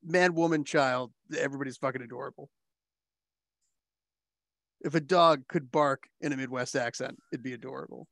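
A man's voice: mid-range voice, normal speed, creaky, pauses often, fairly bright tone, no room sound, studio quality. A man hosting a casual chat, enthusiastic, laughing often and swearing casually. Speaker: host.

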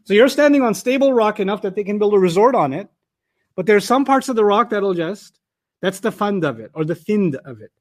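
Male Quran teacher, high voice, rapid delivery, reads Arabic terms and glosses them for students. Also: expressive. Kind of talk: explanatory lecture.

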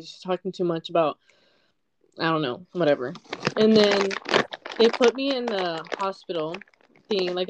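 A woman's voice: mid-range voice, no room sound. A young woman telling a personal story in a rambling way, full of "like" and swearing, on her own podcast. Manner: rambling, frequent "like", swears, heated frustration. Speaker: podcast host. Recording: dull lo-fi recording.

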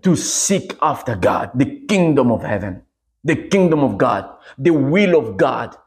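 A man with a Congolese accent preaching a sermon, telling stories with lively energy and acting out prayers. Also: medium pitch, measured pace. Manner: animated storytelling, acting out prayers and street scenes.

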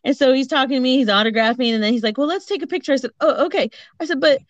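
In dull lo-fi audio with no room sound, a high-voiced woman co-hosting a podcast tells a story at breakneck speed. She's animated and excitable, laughs a lot, and performs the voices of the people she quotes.

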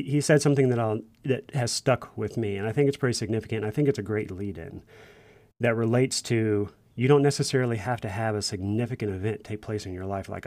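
A man with a somewhat low voice tells a personal story in a folksy, earnest way, stumbling and restarting as he goes. He speaks to first responders. The sound is dry and close, with no room echo. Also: darkish tone. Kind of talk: casual storytelling monologue.

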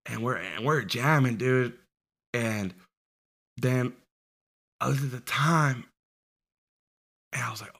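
A man in his twenties telling a story in casual, profane chat, lively and laughing as he goes. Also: medium pitch, slow, vocal fry, long pauses, husky. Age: 20s. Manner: animated, profane, laughs while telling stories.

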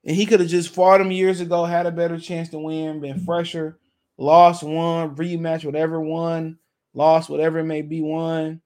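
A man's voice: on the high side, flat delivery, moderate pace, darkish tone. A young man giving his blunt, emphatic opinions on boxing in a casual rant, full of slang and repeated phrases. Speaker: boxing commentator.

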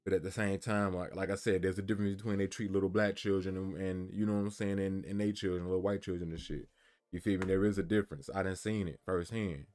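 Heated man with a low voice. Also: darkish tone. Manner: heated, repetitive, frequent "you feel me". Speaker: commentator retelling a news story. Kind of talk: casual spoken commentary.

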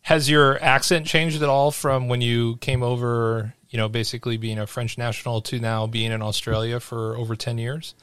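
A man hosting an interview podcast, asking curious questions in a relaxed, chatty way with plenty of fillers. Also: medium pitch, normal speed, few pauses, smooth, dry recording, clean studio sound. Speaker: podcast host. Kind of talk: casual interview chat.

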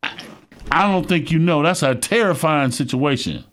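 A middle-aged male pastor preaching with a gravelly edge. His voice is fairly high and swings widely in pitch. He drives each point home with fervent call-outs to the congregation. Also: animated, normal speed, fairly bright tone. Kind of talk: sermon.

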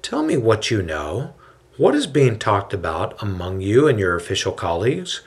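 A man's voice: on the low side, wildly swooping pitch, moderate pace. A man voicing an earnest male teacher who speaks eagerly and exclaims often.

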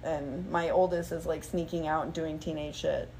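Animated swearing woman telling stories. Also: deep voice, normal speed, a little hiss or hum. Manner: animated storyteller, swearing, acting out quotes. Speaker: guest model. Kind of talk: casual chat.

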